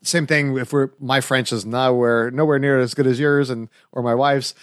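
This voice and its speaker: Host, American man, friendly and chatty, mid pitch, dry close-miked sound. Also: steady tone, moderate pace, a bit bright, no echo. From United States. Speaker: podcast host. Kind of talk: casual interview.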